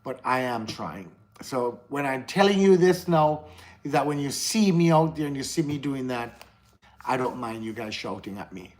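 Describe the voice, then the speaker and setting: A man's voice: medium pitch, lively intonation, moderate pace. A man with a Jamaican accent hosting a casual livestream, talking candidly to his viewers, answering the live chat and often repeating himself. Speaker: livestream host.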